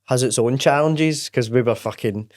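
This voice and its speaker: A Scottish man hosting a casual podcast chat, easygoing and agreeable. He speaks at a middle pitch and an ordinary pace. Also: moderate pace, a little mellow.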